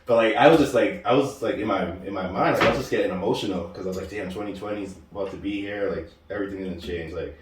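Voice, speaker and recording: A man in his thirties co-hosting a podcast, telling animated stories in casual chat and laughing often. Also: on the low side, fast, few pauses, very echoey, recorded from a distance, heavy background noise. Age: 30s. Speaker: podcast co-host.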